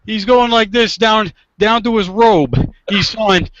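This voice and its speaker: Animated man telling a courtroom story. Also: high-pitched, unhurried, no echo, lo-fi sound. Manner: animated, acts out quotes loudly. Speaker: divorce attorney, guest. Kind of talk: casual storytelling.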